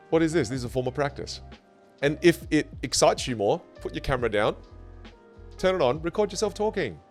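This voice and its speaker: A man teaching communication skills in a studio, talking energetically and emphatically, with playful jumps in his voice. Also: mid-range voice. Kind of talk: online lesson to camera.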